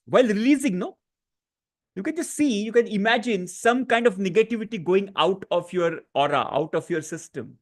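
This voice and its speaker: A man guiding a live online stress-relief session, speaking gently with many fillers and restarts. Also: high-pitched, expressive, fairly quick. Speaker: stress-relief workshop facilitator. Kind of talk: guided tapping session on a live online class.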